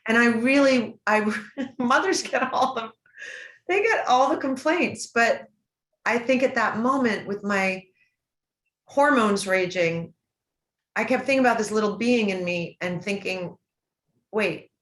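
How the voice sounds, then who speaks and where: A woman's voice: a little high, unhurried, a bit bright. A middle-aged woman telling a personal family story in an interview, earnest and emotional, often breaking off and restarting her sentences. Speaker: interview guest. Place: event stage or hall. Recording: roomy, echoey room.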